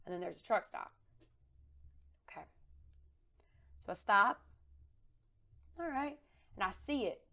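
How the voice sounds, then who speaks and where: A woman co-hosting a podcast, telling rambling, animated anecdotes in casual chat. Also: lowish voice. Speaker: podcast co-host.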